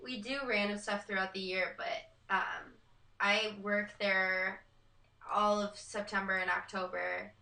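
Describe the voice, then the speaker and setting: Young woman guest, bright voice, chatty storyteller, heard off-mic in an echoey room. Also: medium pitch, little pitch movement, takes it slowly, vocal fry, far from the mic. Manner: chatty storyteller with lots of likes and ums. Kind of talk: casual podcast chat.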